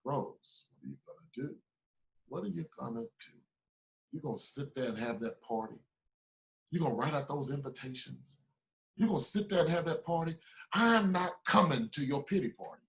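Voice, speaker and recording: High-pitched guy doing a preachy motivational mentor talk, keeps repeating, loud then quiet. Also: animated, normal speed, vocal fry. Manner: preachy, repetitive, swings between loud urging and low asides. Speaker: business mentor. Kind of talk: motivational speech.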